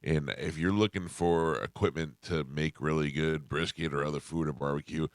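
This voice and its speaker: A man's voice: rumbling low, steady tone, normal speed, no echo. A man hosting a radio show, joking and teasing his co-hosts in casual studio banter, laughing often.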